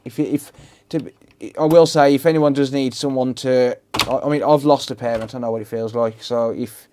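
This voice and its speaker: A man's voice: medium pitch, steady tone, normal speed, darkish tone, slight background noise. A man with a Black Country accent chatting casually to his live-stream viewers while repairing electronics, laughing often and addressing chatters by name. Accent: Black Country English. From England. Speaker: livestream host.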